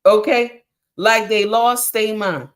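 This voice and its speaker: She's a middle-aged woman running a livestream, and she takes it slowly in a mid-range voice. Her relationship advice comes across as preachy, full of emphatic repeats and frequent "honey" and "mama."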